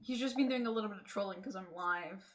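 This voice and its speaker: A woman's voice: mid-range voice, quick pace. A woman streaming a game, chatting casually and playfully, laughing often. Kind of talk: casual gaming stream chat.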